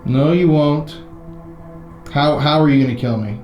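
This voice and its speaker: A man's voice: on the high side, unhurried, darkish tone, roomy sound, dull audio, soft background music. A man investigating the paranormal, confronting and taunting a ghost, swearing now and then. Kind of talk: provoking a ghost during an investigation. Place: inside an old historic building at night.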